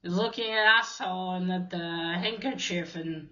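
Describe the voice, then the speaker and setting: A woman's voice: on the low side, unhurried, pushed and bright, dull audio. A woman casually retelling a comic book story, hesitant, with many fillers and restarts.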